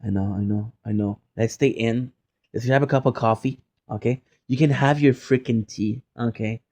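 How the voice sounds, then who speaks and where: A man's voice: mid-range voice, steady tone, normal speed, a little mellow. A young man streaming live, chatting casually with viewers in a playful, teasing way, often repeating phrases in mock outrage. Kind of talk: casual chat.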